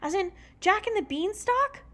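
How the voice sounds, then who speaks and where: A woman reading aloud and voicing an excitable little girl in a high, eager voice. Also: normal speed.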